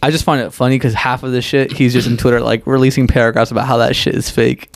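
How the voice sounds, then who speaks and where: A man's voice: mid-range voice, little pitch movement, gravelly, no room sound. A man co-hosting a casual movie review podcast, blunt and profane in his opinions. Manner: blunt and profane, quick to call things stupid. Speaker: podcast co-host.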